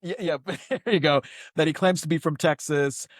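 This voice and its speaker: A man's voice: a little high, moderate pace, dry recording. Male podcast host, eager questioner, dry close sound. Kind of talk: casual interview questions.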